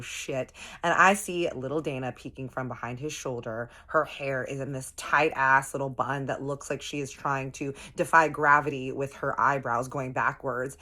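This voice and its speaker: A woman's voice: very deep voice, a bit bright. A woman narrating a dramatic, gossipy storytime in a casual, swearing manner.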